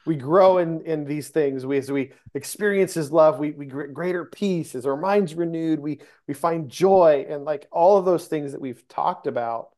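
A man's voice: fairly high pitch, moderate pace, few pauses, darkish tone. Earnest male podcast guest. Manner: earnest, searching for words, with many restarts. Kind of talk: casual faith conversation.

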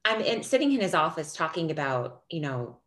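A woman in casual chat, telling stories in a loose, animated way, laughing often and swearing freely. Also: low-pitched, brisk.

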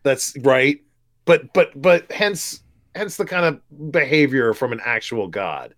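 A man's voice: medium pitch, lively intonation, slow, fairly bright tone. A man chatting casually as a podcast co-host, enthusiastic and full of restarts and swearing. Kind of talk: casual movie chat.

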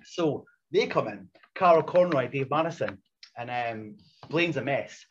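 A man, a former wrestler, casually telling profane, animated stories from his past. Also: mid-range voice, a little slow. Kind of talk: casual storytelling. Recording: dull lo-fi sound with faint noise.

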